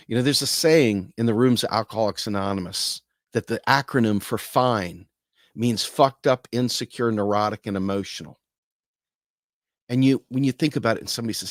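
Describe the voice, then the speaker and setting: A man's voice: lowish voice, moderate pace, no room sound, clean studio sound. A man hosting a casual talk to camera, earnest and speaking plainly, sometimes acting out other people's voices. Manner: earnest, acts out quoted voices. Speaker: host.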